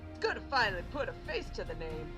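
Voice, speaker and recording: A woman's voice: on the low side, sing-song, fast, music in the background, poor audio. A woman voicing a shrewd, cheerful male showman in a fan-read game story, with wry, confiding chatter.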